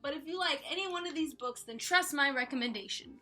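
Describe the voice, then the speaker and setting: A woman with a high, bright, sharp-edged voice rambles playfully through a casual book review, often stopping to correct herself. She talks from a room at home lined with bookshelves. Soft music plays faintly behind her. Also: fast talker. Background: faint background music.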